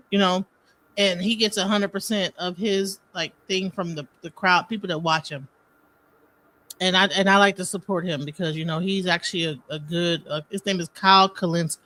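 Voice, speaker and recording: A man's voice: sits high, pushed and bright. A man co-hosting a casual podcast, rambling and heated, swearing freely. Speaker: podcast co-host. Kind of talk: casual chat.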